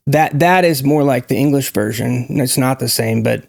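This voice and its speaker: An opinionated man, speaking to camera in a gravelly, medium-pitched voice. He talks emphatically and demonstrates sounds, close to the mic in a dry, dead room. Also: normal speed, darkish tone, no room sound. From United States. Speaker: YouTube language commentator. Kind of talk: casual to-camera talk on pronunciation.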